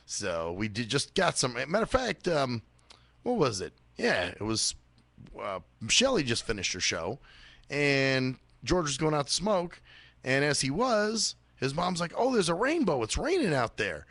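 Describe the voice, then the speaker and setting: A man's voice: big pitch swings, unhurried, vocal fry, fairly bright tone, no echo. A man hosting a small radio show, rambling and swearing a lot in a casual monologue. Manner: rambling, swears a lot, mimics others in high voices.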